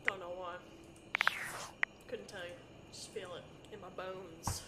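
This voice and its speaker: A woman's voice: fairly low pitch, steady tone, measured pace, heavy background noise. A woman casually commenting while playing a game, chatty and joking, her mic set far away. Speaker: gaming streamer. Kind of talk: casual let's-play commentary. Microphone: desk mic set far away. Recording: roomy distant mic, loud game music.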